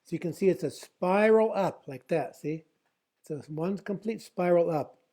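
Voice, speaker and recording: A man teaching a song over a video call, speaking in a halting way with many filler pauses. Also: high-pitched, dark tone. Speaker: flute player teaching a song.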